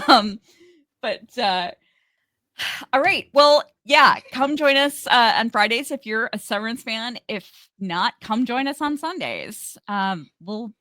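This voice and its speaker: A woman co-hosts a chatty podcast, breaking into giggles and restarting her sentences as she goes. Her voice is bright and ringing, and the recording is dry and close. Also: on the high side, very animated, no echo. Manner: giggly, halting, many restarts. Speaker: podcast co-host. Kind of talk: casual podcast chat.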